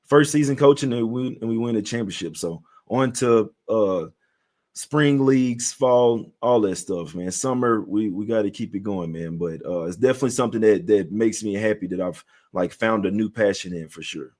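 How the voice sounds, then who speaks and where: Male co-host, lowish voice, relaxed, casual. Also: moderate pace. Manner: laid-back, calls people man, many fillers. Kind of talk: casual chat.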